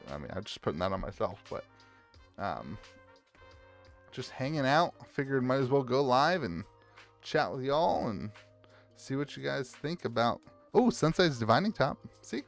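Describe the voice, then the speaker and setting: A man with an Appalachian American accent, chatting casually and rambling as he sorts trading cards on a live stream and greets viewers by name. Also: medium pitch. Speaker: card shop owner streaming live.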